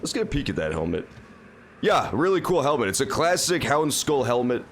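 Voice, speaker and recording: A man's voice: mid-range voice, very animated, fairly quick, a bit bright, slight background noise. A man streaming a game, giving casual, joking and profane commentary. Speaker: gameplay streamer. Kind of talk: casual live gameplay commentary.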